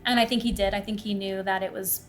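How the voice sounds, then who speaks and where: A woman's voice: mid-range voice, quick pace, a little hiss or hum. A young woman hosting a podcast, telling a personal story in casual chat and acting out the voices of the people in it. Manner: animated storyteller, acts out quoted voices. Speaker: podcast host.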